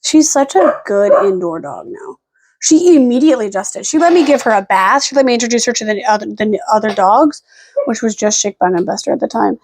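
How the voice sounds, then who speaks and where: A young woman vlogging at home in a rambling casual chat, close to the camera mic, now and then slipping into high baby talk for her dog. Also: lively intonation, a little fast, a little mellow.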